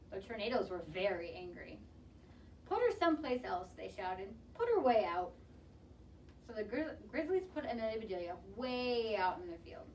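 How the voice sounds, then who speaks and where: A woman reading a children's picture book aloud in an expressive, lively way. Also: mid-range voice, a little hiss or hum. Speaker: storybook reader. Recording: distant mic with faint ambience.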